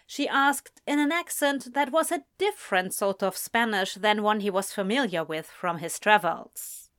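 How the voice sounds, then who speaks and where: A woman narrating an audiobook in a gentle, measured storytelling voice. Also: medium pitch, animated, no echo, clean studio sound. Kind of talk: scripted narration.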